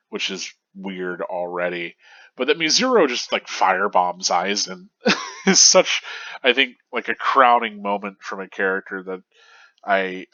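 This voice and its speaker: Here a manga review host, a young man with a blocked, congested nose, casually analyzes a chapter, rambling and restarting often amid plenty of fillers. His low voice carries a sharp edge. The audio is muffled but echo-free.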